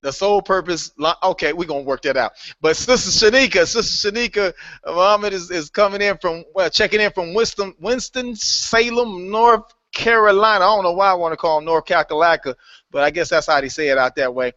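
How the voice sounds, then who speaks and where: A man hosting a live online call, welcoming new members in a lively, playful way and laughing often. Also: high-pitched, brisk, no echo. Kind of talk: casual live call-in chat. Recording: dull lo-fi online call audio.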